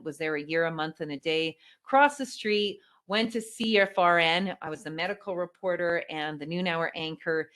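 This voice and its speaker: A middle-aged Canadian woman, a former news anchor, telling her career story in a keynote with lively, polished delivery. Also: low-pitched. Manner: lively storytelling, animated emphasis. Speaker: keynote speaker. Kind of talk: motivational keynote speech.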